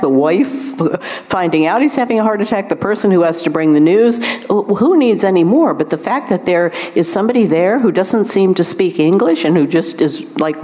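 A middle-aged woman author talking onstage about her own writing. Her voice sits notably low, and she speaks in a wry, self-deprecating, reflective way, circling back over her thoughts. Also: mellow. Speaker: author guest. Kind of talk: onstage conversation.

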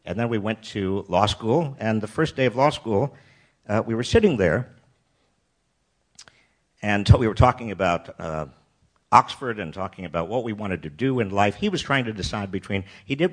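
An older man from the United States shares a memory from his student days. His voice sits somewhat low and he speaks in a halting way, circling back over his own phrases. His humor is wry and turned on himself. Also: lively intonation, husky. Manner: wry, self-deprecating, halting with restarts. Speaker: storyteller. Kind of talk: personal anecdote talk.

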